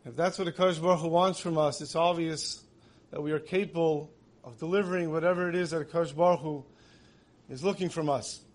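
High-voiced man giving a sermon. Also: fairly even intonation, a little fast. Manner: conversational, with rhetorical questions; mixes in many Hebrew terms. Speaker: religious speaker.

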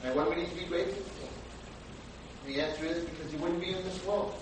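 A man teaching a Torah class as a rabbi, animated and swinging between quiet talk and loud bursts as he acts out dialogue. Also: a little high, fast talker. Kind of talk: Torah lecture with told stories. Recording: echoey room from a distant mic, faint background hum.

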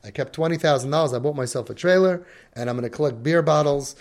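A man's voice: fairly high pitch, fast, natural voice. A man voicing a wealthy man making a blustering public announcement. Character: rich man announcing he gives it all away.

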